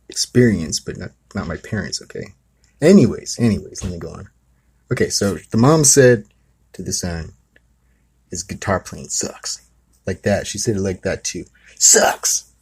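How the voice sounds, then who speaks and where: A man's voice: deep voice, vocal fry, darkish tone, breathy edge. A man hosting a spiritual talk, telling a story in a casual, rambling way full of asides. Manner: rambling, with many asides of "you know" and "okay".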